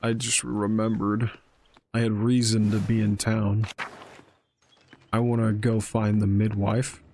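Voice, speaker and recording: A man's voice: fairly low pitch, a little mellow, a little hiss or hum. A man streaming a narrative game, chatting casually and swearing freely as he reacts. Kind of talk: let's play commentary.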